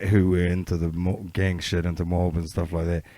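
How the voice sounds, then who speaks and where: A man's voice: sits low, level tone, brisk, mellow, no room sound. Laid-back New Zealand man, dry sound. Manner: laid-back storyteller, swears, slips into mocking voices. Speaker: podcast co-host. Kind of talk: casual chat.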